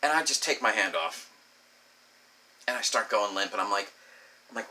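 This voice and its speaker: A middle-aged man telling a crude personal story, animated and swearing freely. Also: fairly low pitch, moderate pace, pauses often, slight background noise. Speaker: comedic storyteller.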